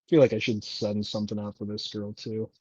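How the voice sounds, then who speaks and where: A man's voice: fairly low pitch, little pitch movement, brisk, darkish tone, no room sound, dull audio. A man chatting casually on a livestream about snakes, self-deprecating and laughing often. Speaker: guest snake breeder.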